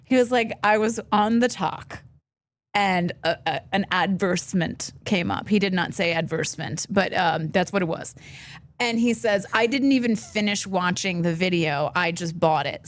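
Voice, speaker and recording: A woman co-hosting a podcast, telling an animated story in casual chat and laughing often, recorded on a studio microphone. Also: mid-range voice, moderate pace. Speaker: podcast co-host.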